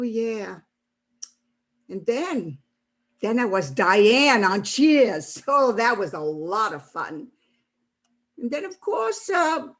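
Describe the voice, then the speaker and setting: An actress playing a feisty, foul-mouthed elderly woman who was once an actress, performed on stage. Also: a little high. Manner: brash, boastful, salty-tongued.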